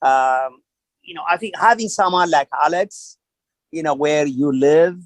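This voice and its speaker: A man's voice: a little high, a little slow, no echo, poor audio. Hesitant man rambling with fillers. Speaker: program coach. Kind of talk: online panel discussion.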